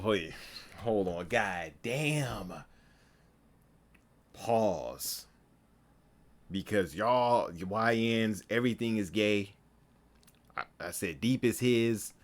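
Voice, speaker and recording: Animated low-voiced man riffing and laughing. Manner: animated, laughs often, swears freely. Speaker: streamer. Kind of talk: casual reaction commentary.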